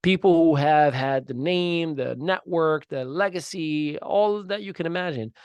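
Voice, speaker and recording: A man in his thirties hosting a podcast, giving an emphatic motivational talk that swings from loud to soft. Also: a little high, measured pace, smooth, no room sound. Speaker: podcast host.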